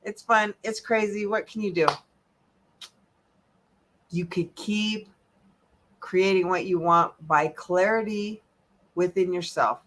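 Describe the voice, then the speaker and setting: A woman holistic health coach giving an animated, emphatic motivational talk, swinging between loud and soft. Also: mid-range voice, slow, pauses often, a little hiss or hum.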